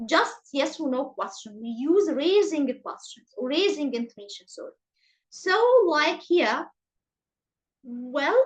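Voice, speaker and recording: A high-voiced woman with an Egyptian accent teaches English over a video call. She takes her time and stresses each word. Her pitch swings widely as she models questions and statements. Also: lively intonation, low-quality recording. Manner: slow, emphatic, exaggerated rising and falling pitch. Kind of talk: online class teaching.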